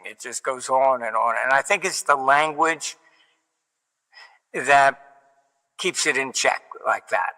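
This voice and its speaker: An older man talks through his stories at a relaxed ramble, wandering off on tangents with dry humor. His voice is very bright and clear. A long reverberant room tail trails behind him. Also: mid-range voice. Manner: digressive storyteller, wry and matter-of-fact. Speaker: interview guest, market forecaster. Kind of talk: rambling anecdotal interview talk.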